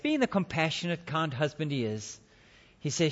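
Male preacher with a slightly high voice, dramatic storyteller, dull recording in a big echoing hall. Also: very animated, moderate pace. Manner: dramatic, swinging between loud and hushed. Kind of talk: sermon storytelling. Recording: dull lo-fi sound with long hall reverb.

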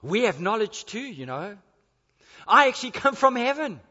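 A man, a preacher, voicing a calm male teacher who gently mocks a learned visitor in a low, hushed tone during a sermon. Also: normal speed, breathy edge, full character voice. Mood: gently rebuking. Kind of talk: sermon quoting scripture. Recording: echoey hall, dull lo-fi.

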